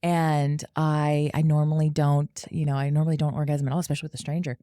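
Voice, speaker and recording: A young woman with a fairly low voice tells a story in frank, casual talk full of swearing and laughter. The sound is close and dry, with no room around it. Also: level tone, fast, dark tone, no echo. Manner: candid, profane, laughing as she tells it. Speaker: podcast guest.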